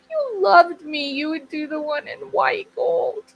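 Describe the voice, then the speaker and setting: Woman putting on a high whiny childish wife. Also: expressive, unhurried, creaky, slight background noise, full character voice, rough recording. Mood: whiny pleading. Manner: pleading, childish whine. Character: whiny, demanding adult wife throwing a tantrum.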